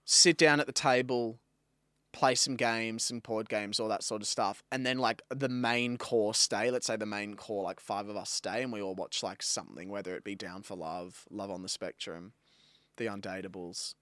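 A man's voice: on the low side, steady tone, moderate pace, fairly bright tone, no room sound, clean studio sound. A young man in his twenties with an Australian accent, co-hosting a podcast with crude, joking banter. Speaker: podcast co-host. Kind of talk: casual chat.

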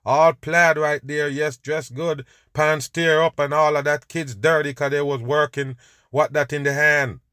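A man with a fairly high, bright, forceful voice speaks a bit slowly with fairly even intonation while hosting a podcast. Over video clips he rants scornfully and preachily, repeatedly calling listeners "people." The recording is dry, with clean studio sound.

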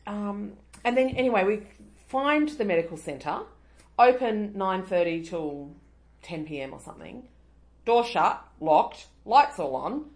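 A middle-aged Australian woman co-hosting a casual chat, ranting in exasperation and swearing freely. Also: fairly low pitch. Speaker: podcast co-host.

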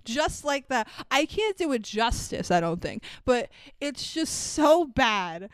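High, clear-voiced woman podcast host. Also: sing-song, takes it slowly, no echo. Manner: blunt, swears, sarcastic. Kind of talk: casual movie chat.

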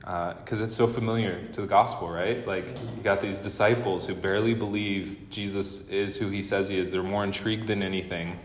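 A young man giving a guest teaching at a training school, telling stories in an animated way and acting out what people said. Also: sits low, fairly quick, few pauses, slight background noise. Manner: animated storyteller acting out quotes. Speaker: guest lecturer. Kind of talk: storytelling sermon. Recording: echoey hall with long reverb.

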